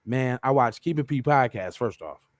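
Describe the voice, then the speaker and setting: A man hosting a podcast, casually pitching shirts to his viewers in a loose, playful way. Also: lively intonation, normal speed, no echo. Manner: loose, playful, chanting asides. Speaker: podcast host.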